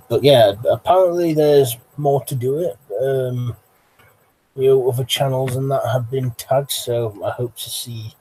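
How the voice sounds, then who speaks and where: A man's voice: fairly low pitch, darkish tone, husky, low-quality recording. A man hosting a casual livestream, reading chat messages aloud and chatting with frequent ums and restarts. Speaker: livestream host. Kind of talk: casual live-chat commentary.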